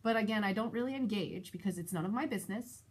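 A woman vlogger and mother telling a personal story in a casual, animated, exasperated way. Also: fast, breathy edge. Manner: animated, exasperated retelling with shifting pitch. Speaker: parent of school-age kids.

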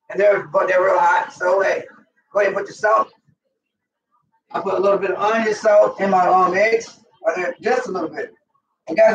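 His voice is high and gravelly: a middle-aged man with a Southern US accent, casually cooking in his home kitchen, swearing and addressing his audience. A dull, distant mic picks up room echo and faint noise.

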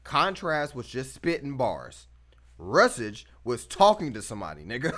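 A man's voice: medium pitch, moderate pace. A man hosting a reaction video, talking casually in slang and pressing his points with emphasis. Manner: animated, emphatic, slangy, laughs between points.

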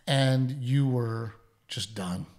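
A man in his thirties co-hosts a relaxed podcast with his wife. He tells stories with plenty of energy, slipping into the voices of the people he quotes and swearing as he goes. His voice sits at an ordinary middle pitch. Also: extremely slow. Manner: animated storytelling, acts out quotes, swears freely. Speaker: podcast co-host. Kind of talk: casual banter with his wife.

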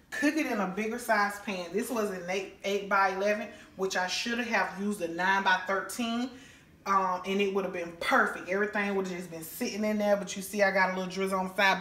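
A woman's voice: mid-range voice, fairly bright tone. A woman hosting a home cooking vlog in her kitchen, folksy and exclaiming, calling her viewers honey and baby. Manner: exclaims and hums over the food. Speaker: cooking show host.

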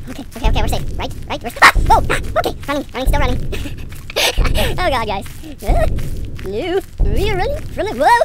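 A woman's voice: sits high, huge pitch swings, quick pace. Panicky woman playing a horror game. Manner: jittery, panicky, screams and nervous giggles. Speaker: gaming video creator. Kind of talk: horror game let's play. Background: loud creepy game music.

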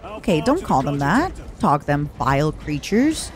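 A woman's voice: sits low, big pitch swings, a little slow, soft background music. A young woman streaming a game, gushing and playful as she reacts and chats. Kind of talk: live gameplay commentary.

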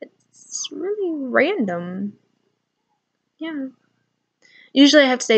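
A woman's voice: sits high, big pitch swings, takes it slowly, gravelly, long pauses. A young woman chatting casually on her own vlog, rambling through funny stories about kids and laughing as she goes. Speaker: channel owner.

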